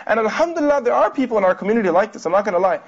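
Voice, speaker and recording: A man's voice: high voice, sing-song, very fast. A man teaching a religious class, explaining a read text and putting rhetorical questions to his listeners. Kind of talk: lecture commenting on a read text. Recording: dull lo-fi recording.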